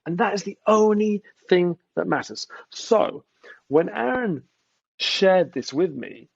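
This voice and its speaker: A gravelly, husky man, telling stories in a relaxed interview. He talks in a slightly high voice and acts out the people he quotes. The recording is dry and a little dull. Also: takes it slowly, dry recording. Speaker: guest entrepreneur. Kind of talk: casual interview chat.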